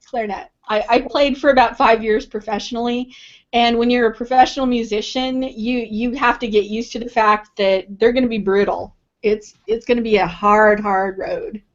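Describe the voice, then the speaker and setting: A woman's voice: a little high, steady tone, moderate pace. Woman author answering questions over a dull line. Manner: thoughtful, restarts sentences often. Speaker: author guest. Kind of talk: casual interview answers. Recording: dull lo-fi online stream audio.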